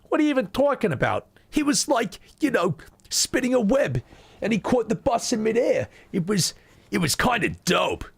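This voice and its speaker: A man voicing an excitable young kid who talks back, high and quick. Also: vocal fry, slightly rough, heavily acted.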